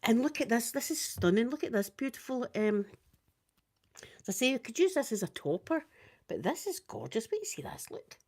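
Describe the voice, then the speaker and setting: A Scottish woman in her fifties, chatting casually with viewers on a live stream, rambling and swinging up and down in pitch. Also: very animated, moderate pace, a little mellow. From Scotland. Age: 50s.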